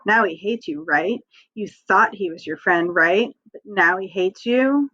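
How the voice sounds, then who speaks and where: A woman's voice: medium pitch, unhurried, sharp tone, no room sound, highs cut off. A woman voicing a pushy young boy in a storybook reading, asking blunt, needling questions.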